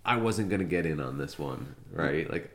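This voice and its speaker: A man who runs a shop, chatting in a relaxed, rambling and sympathetic way. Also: a bass voice, normal speed. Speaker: shop owner. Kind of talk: casual conversation. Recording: echoey room.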